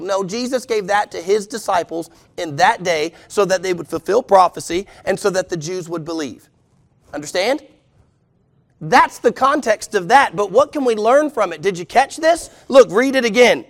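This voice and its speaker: A man's voice: high-pitched, moderate pace. A pastor preaching a sermon to his church, emphatic and full of rhetorical questions.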